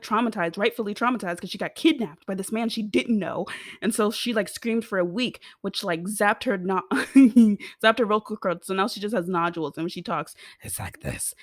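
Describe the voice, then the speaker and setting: A woman's voice: medium pitch, dry recording, clean studio sound. A young American woman giving a casual, rambling TV recap, giggling and swearing freely as she talks. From United States. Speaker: TV show reviewer.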